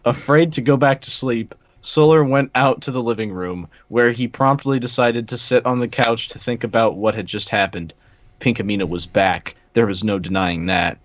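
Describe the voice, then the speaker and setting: A man's voice: mid-range voice, normal speed, no room sound, lo-fi sound. A man hosting a comedic read-through of a fan fiction, reading aloud in a casual, sardonic way and swearing freely.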